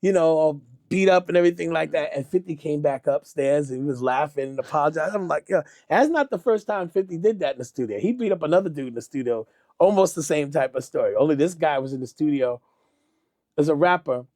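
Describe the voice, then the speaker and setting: A man's voice: a little high, lively intonation, fast talker, a little mellow, dry recording, clean studio sound. A middle-aged man, a music producer guest, telling stories in a casual interview and acting out the quotes with animation.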